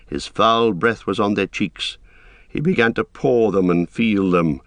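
Male narrator, low voice, measured delivery, dry close studio sound. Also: no echo. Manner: measured, steady storytelling. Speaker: audiobook narrator. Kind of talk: scripted narration.

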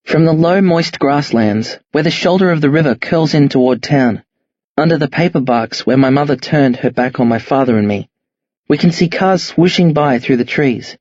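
A man narrates a first-person novel in a measured, understated way. His voice is a touch high and husky. The recording is dry and somewhat dull. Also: darkish tone, no echo. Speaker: audiobook narrator.

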